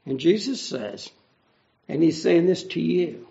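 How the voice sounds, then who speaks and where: High, gravelly male preacher, lo-fi. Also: very animated, measured pace, dark tone. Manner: earnest, conversational, explaining each verse. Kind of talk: verse-by-verse Bible teaching. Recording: dull lo-fi recording.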